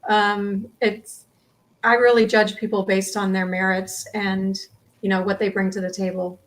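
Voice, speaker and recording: A woman's voice: medium pitch, flat delivery, a little slow. A woman answering game show questions over a video call, hesitant with many restarts and ums. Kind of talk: casual answers.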